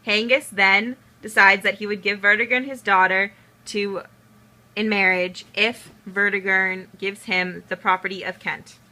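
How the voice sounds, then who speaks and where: Young woman, bright voice, steady classroom narration. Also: mid-range voice, unhurried, rough recording. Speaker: student narrator and actor. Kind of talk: amateur school video narration.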